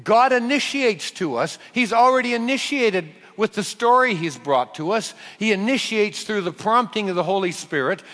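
A man preaching a sermon in an animated, emphatic way, slowing down to stress key phrases. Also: high-pitched. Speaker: pastor. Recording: reverberant hall.

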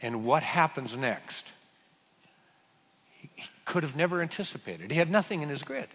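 A preacher tells a Bible story with humor, his bright voice swinging widely in pitch and breaking into sudden loud bursts. A long hall reverb follows every phrase. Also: lively intonation, moderate pace. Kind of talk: sermon.

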